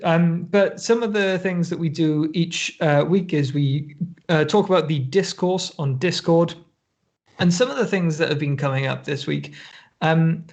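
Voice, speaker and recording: Giggly man with a higher voice. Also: a little slow, darkish tone. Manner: rambling, laughs often, many restarts. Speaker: podcast co-host. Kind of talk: casual chat.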